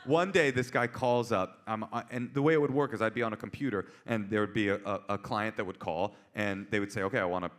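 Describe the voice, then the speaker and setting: A man in his forties, a comedian and author, telling stories on stage with an animated, punchy delivery. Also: fairly low pitch, a little fast, hardly any pauses. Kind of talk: live on-stage storytelling. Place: auditorium stage before an audience.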